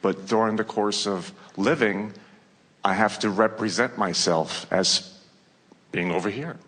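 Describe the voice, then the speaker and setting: A man's voice: on the low side, measured pace, a bit bright. A man in a seminar audience asking an earnest, hesitant personal question. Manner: earnest, hesitant, searching for words. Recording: long hall reverb.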